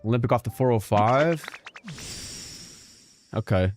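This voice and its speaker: A young man streaming a game, giving casual commentary that is joking, animated and full of swearing. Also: medium pitch, unhurried. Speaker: gaming streamer. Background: game music.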